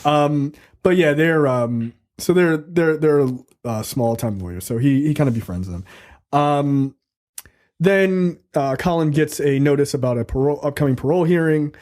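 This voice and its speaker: A man's voice: fairly high pitch, animated, normal speed, a little mellow. A man hosting a casual movie review podcast, recapping the plot in a loose, profane, joking way. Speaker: podcast host reviewing a film. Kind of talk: casual chat.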